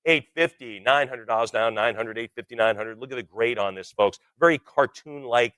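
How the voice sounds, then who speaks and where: Auctioneer, man in his 60s, rapid bid chant with playful banter, mid-range voice, dry close mic. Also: mid-range voice, a bit bright, clean tone, no room sound. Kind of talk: live auction calling.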